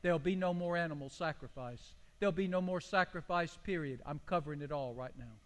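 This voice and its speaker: A man's voice: on the high side, a little fast. An older man, a pastor, preaching a sermon in a folksy, storytelling way with homely illustrations. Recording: long hall reverb.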